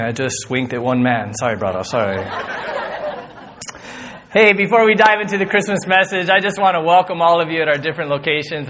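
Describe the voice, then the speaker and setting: A man opens a sermon, joking and prompting the congregation to respond. His voice is notably high and carries through a large hall with long reverb. A faint crowd murmur sits in the background. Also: slight background noise. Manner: warm, joking, engaging the congregation. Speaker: pastor. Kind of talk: sermon opening.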